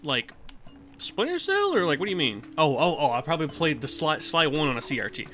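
A man's voice: fairly high pitch, very animated, a little fast, bright, forceful tone. A man casually commenting while he plays a video game, chatty and swearing now and then while answering chat. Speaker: let's play streamer.

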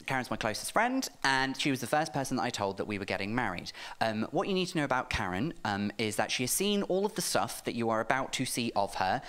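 A man's voice: mid-range voice, bright, forceful tone. A man in his thirties telling a camp, chatty stand-up story on stage, checking in with the crowd. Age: 30s. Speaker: stand-up comedian. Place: comedy club stage with a live audience. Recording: noisy live club recording.

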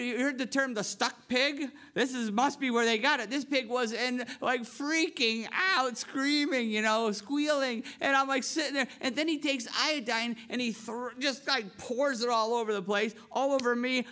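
A male pastor telling a rambling, animated story in his sermon, full of restarts and asides. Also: very high-pitched. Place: church sanctuary.

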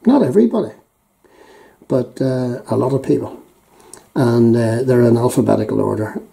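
An older man with a Northern Irish Belfast accent, chatting casually as a YouTube host while reading out local phrases, chuckling often and filling pauses with ums and uhs. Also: medium pitch, flat delivery, vocal fry, dark tone, low-quality recording. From Northern Ireland.

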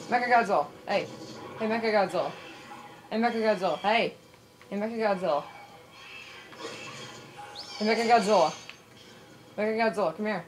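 A woman giving casual, excitable commentary over her own gameplay, yelping, shouting and swearing at the screen. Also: medium pitch, a little hiss or hum. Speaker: let's play gamer.

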